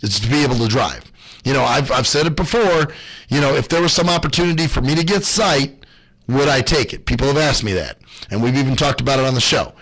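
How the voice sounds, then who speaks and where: A man's voice: brisk, slightly rough, poor audio. A man hosting his own radio show, talking in a loose, rambling monologue full of swearing and gripes. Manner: profane, ranting, lively swings in pitch.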